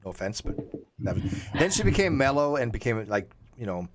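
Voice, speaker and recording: Fast, animated man hosting a chat. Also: medium pitch, background noise. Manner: rambling, animated, swears freely. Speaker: host of an online debate community stream. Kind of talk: casual group chat on a livestream.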